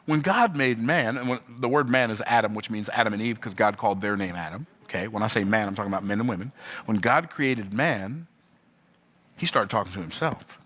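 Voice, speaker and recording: A man's voice: fairly quick, fairly bright tone. A man preaching a sermon, asking the listener questions and swinging his voice up and down. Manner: rhythmic preaching, rising and falling in pitch.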